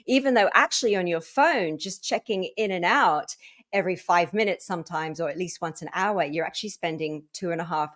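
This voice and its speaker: Animated woman podcast host. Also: fairly low pitch, fairly quick. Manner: animated, acts out her own inner thoughts. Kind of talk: casual conversational podcast.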